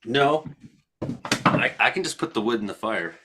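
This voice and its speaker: A man's voice: mid-range voice, lively intonation, normal speed, very noisy. A man hosting a casual live-streamed weather comedy show, joking and self-mocking as he talks. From Canada. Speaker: host.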